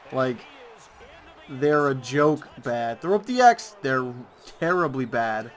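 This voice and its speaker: A man's voice: a little high, lively intonation, slow pace. Sarcastic ranting young man. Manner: sarcastic, ranting, exaggerated emphasis. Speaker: YouTuber making predictions. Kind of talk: casual commentary over gameplay.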